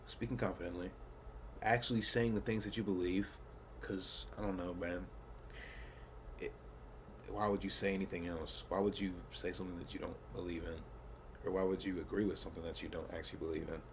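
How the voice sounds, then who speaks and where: Deep-voiced young man rambling casually. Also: level tone, fairly quick, a little hiss or hum. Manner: laid-back, swears often, laughs at himself, fillers and restarts. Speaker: vlogger. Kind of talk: casual rambling monologue to camera. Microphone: camera mic.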